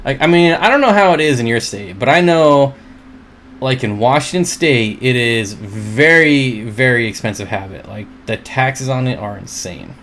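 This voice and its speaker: Male stream host, mid-pitched and casual, chatty and joking, home setup. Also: sing-song, moderate pace, fairly bright tone, slight background noise. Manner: rambling and chatty, often laughs at his own jokes; reads viewer comments aloud and answers them. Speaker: livestream host. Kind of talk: casual livestream chat.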